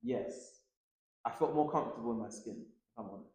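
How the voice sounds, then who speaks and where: A man in his thirties, a tennis coach chatting easily as an interview guest, with lots of fillers and quick laughs. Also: mid-range voice, heavy reverb. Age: 30s. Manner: relaxed, filler-heavy, laughs often. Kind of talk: casual interview chat.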